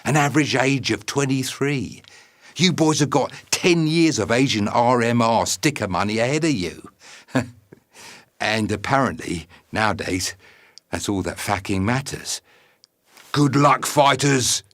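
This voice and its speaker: A man's voice: medium pitch, unhurried. A man delivering a brash, teasing comedic message full of swearing. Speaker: fighter sending a video message. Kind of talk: comedic scripted monologue.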